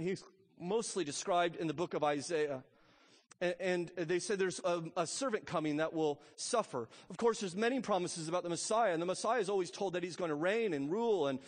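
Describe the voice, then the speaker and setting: A pastor preaching a sermon, emphatic, swelling loud and then dropping to a hush. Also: male voice, high-pitched. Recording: long reverb of a church hall.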